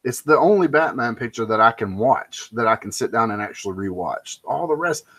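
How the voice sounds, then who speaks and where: A man's voice: medium pitch, expressive, brisk, fairly bright tone. A man giving an opinionated, rambling monologue, emphatic and prone to ranting. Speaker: pop culture commentator.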